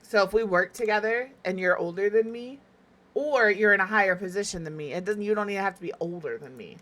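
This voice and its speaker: Brisk and fairly bright, with a medium-pitched voice, a young Southern American woman chats casually on stream while playing a game, rambling and making fun of herself.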